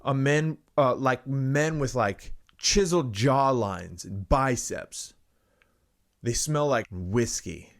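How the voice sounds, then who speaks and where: A man's voice: medium pitch, takes it slowly, creaky. A man hosting a comedy podcast, delivering a sarcastic, mock-earnest monologue full of rambling asides and swearing. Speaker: podcast host.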